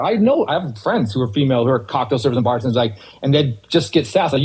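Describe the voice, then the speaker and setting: Fast-talking husky-voiced man. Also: medium pitch, poor audio. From California. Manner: animated, rants with acted quotes. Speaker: podcast guest. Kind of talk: casual chat.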